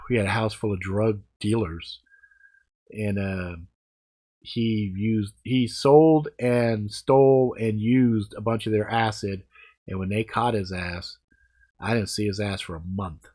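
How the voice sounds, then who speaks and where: Male, 40s, vlogger. Casual, blunt and profane, lively storytelling. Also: lowish voice. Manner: blunt, heavy swearing, animated. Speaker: vlogger answering comments.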